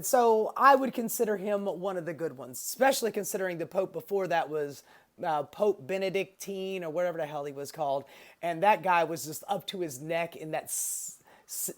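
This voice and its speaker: A woman in a casual, rambling monologue, sarcastic and profane, with lots of fillers and asides. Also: on the low side. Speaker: political commentary vlogger.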